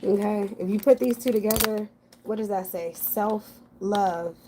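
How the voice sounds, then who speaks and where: A woman's voice: mid-range voice, unhurried, noisy background. A woman giving a casual general tarot reading, talking frankly and thinking aloud to her viewers. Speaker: tarot reader.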